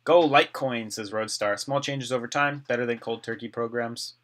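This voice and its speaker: A man chatting through a long live stream, reading out viewer comments and answering each one. His voice has a bright, forceful edge, and it is getting a little dry from so much talking. He sounds like he is at a desk mic at home. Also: medium pitch, moderate pace. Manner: chatty, reads viewer comments aloud and replies.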